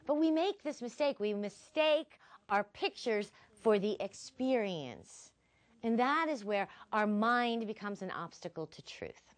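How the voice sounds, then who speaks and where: A woman's voice: mid-range voice, measured pace. A woman philosophy instructor giving a recorded lecture, telling stories expressively. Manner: expressive, animated storyteller.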